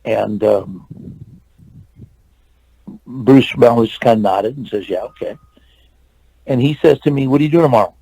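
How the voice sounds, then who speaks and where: A man's voice: mid-range voice, moderate pace, vocal fry, long pauses, mellow, no room sound, poor audio. A man in his sixties from California, an interview guest telling a long anecdote and acting out the dialogue, with many fillers and restarts. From California, USA.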